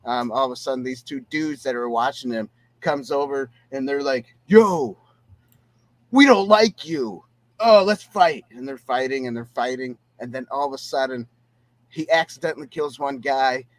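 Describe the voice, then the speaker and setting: A man's voice: mid-range voice, steady tone, normal speed, no echo. A man co-hosting a casual talk show, retelling a show with rambling restarts and laughter. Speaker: podcast co-host.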